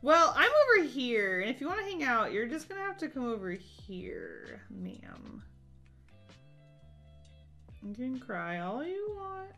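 Casting note: woman art streamer, high bright voice, lively and chatty, thinks aloud while she paints. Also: measured pace, soft background music. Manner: chatty, thinks aloud, coos at her pet in a playful voice. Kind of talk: casual chat while painting on a live stream.

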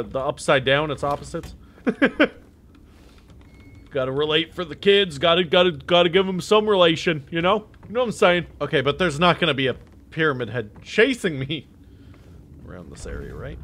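A young gaming YouTuber with a fairly high, expressive voice plays a horror game for his channel, speaking at normal speed and pausing often. In this let's play commentary he jokes with and talks to the characters, swears at jump scares, and swings between loud outbursts and muttering.

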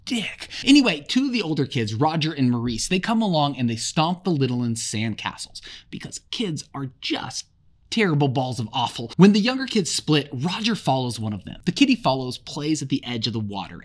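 A man giving a casual book summary for a lesson, with wry, sarcastic asides. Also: medium pitch. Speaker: literature explainer for teachers and students.

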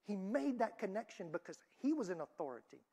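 A woman preaching a church sermon in a voice of middle pitch. She builds some lines to loud, emphatic peaks and drops others almost to a hush. Her delivery is dynamic and insistent. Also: big pitch swings, brisk, slightly rough.

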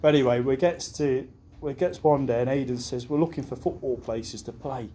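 A young man telling rambling childhood stories in a best man speech, often breaking into laughter and swearing casually. His voice sits at an everyday middle pitch. A faint hum of the reception room is heard behind him. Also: fairly quick, warm tone. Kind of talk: wedding speech storytelling.

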